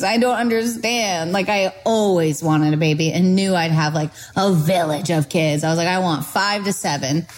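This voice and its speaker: A woman's voice: fairly low pitch, poor audio. A pregnant young woman telling a story in casual chat, bubbly and giggly. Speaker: guest.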